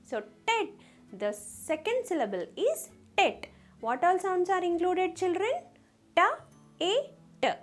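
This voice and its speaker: A woman teaching a children's phonics lesson, slowly sounding out letters and asking the class questions. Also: very high voice, animated, soft background music.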